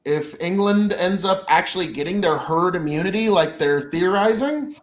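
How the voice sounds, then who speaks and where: A man co-hosting a casual podcast chat, with a voice that sits notably high for a man. He talks in animated, jokey bursts. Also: normal speed. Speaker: podcast co-host.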